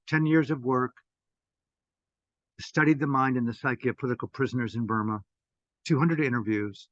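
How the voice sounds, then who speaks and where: An older man giving an impassioned talk as a meditation teacher, swearing freely and swinging between loud bursts and hushed asides. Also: mid-range voice, no room sound. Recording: dull, dry lo-fi audio.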